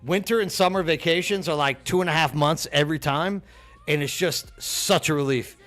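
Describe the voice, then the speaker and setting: A man's voice: fairly high pitch, normal speed, a bit bright, faint music behind. A middle-aged man from Texas, chatting casually with viewers on a game stream, friendly and full of "dude", often repeating words as he goes. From Texas, USA.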